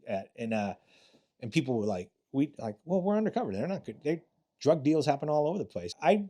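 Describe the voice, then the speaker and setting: A man's voice: mid-range voice, darkish tone. An older man, a retired police detective, telling rambling, profane stories in a casual interview, often restarting his sentences.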